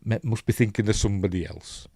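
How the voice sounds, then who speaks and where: A man's voice: on the low side, fast talker, gravelly, dark tone, slightly rough, no room sound. A man with a Yorkshire accent chatting loosely through a film breakdown, full of ums and forgetful asides. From Yorkshire, England. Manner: rambling, lots of ums and asides. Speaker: film reviewer.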